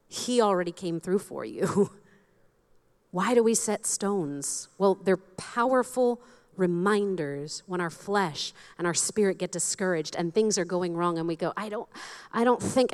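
A woman's voice: on the low side, darkish tone. A woman pastor preaching a sermon, candid and self-deprecating, often laughing at herself.

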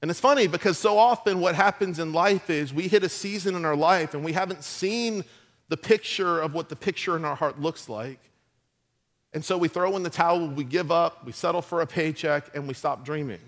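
A middle-aged man preaching a sermon as pastor, telling funny stories with lively asides to the congregation. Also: a little high, moderate pace.

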